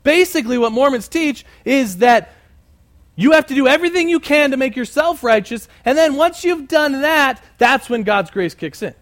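Animated high-voiced male preacher. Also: normal speed. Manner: animated, conversational, many asides. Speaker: pastor. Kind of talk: sermon with a storytelling aside.

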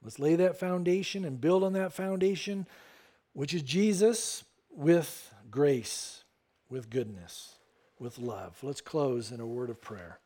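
A man's voice: on the high side, slow pace. Earnest man preaching a sermon. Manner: earnest preaching, drops to soft intimate tones. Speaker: pastor. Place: church sanctuary.

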